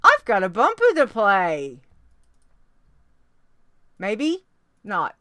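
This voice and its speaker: A bubbly woman hosting a podcast in casual chat, her voice bright and ringing and her pitch leaping around. The sound is close and dry with no room echo. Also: wildly swooping pitch, drawn-out words. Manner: bubbly and chatty, with cheery exclamations and restarts. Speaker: podcast host.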